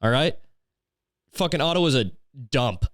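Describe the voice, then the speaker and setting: Foul-mouthed young podcast host. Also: male voice, medium pitch, animated, moderate pace, a bit bright, dry recording, studio quality. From Canada. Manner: crude, exaggerated, sarcastic, swears constantly. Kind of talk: profane comedic rant.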